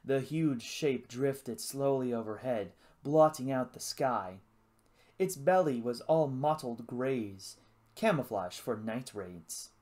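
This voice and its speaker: An audiobook narrator reading an adventure novel aloud in an expressive storytelling manner. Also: mid-range voice, slow. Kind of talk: scripted narration.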